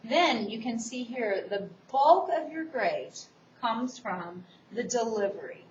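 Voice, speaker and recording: A woman public speaking instructor giving a recorded course lecture, explaining the assignment in a quick, enthusiastic way. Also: fairly high pitch, animated, a little hiss or hum. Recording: distant, roomy, dull recording.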